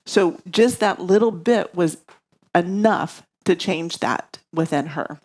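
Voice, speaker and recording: A woman's voice: lowish voice, slow pace, a little mellow. A woman yoga teacher giving a reflective spiritual study lesson, often searching for words.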